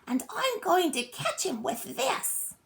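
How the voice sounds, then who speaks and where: A woman doing an eager little raccoon boy in a high voice. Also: very animated, slow pace, vocal fry, exaggerated voice. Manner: high, bouncy and insistent. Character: excited eager young male raccoon child. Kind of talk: storybook read-aloud.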